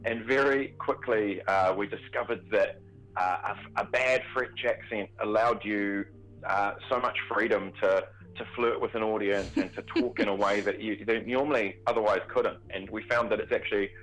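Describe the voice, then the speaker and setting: Chatty lower-voiced man, radio guest. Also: normal speed, low-quality recording. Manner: animated, chatty with many fillers. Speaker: theatre performer. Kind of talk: interview guest.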